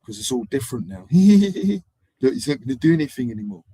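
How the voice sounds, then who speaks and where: A man hosting a live stream, telling rambling, animated anecdotes in casual street slang. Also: medium pitch, fairly quick, husky, dry recording. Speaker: livestream host. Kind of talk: casual livestream storytelling.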